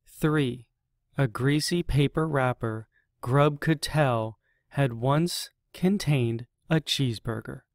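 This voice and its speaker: A storyteller reading a children's picture book aloud, unhurried to an extreme, letting each phrase settle before the next. The voice sits at a middle pitch and the recording is close and dry. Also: no room sound. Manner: very slow, deliberate reading with long pauses.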